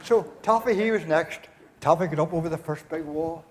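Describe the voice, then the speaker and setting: A man's voice: a little high, a little fast, a little mellow. A man with a Northern Irish accent telling rambling comic stories at a live church concert, laughing at his own jokes. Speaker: comedian at a concert.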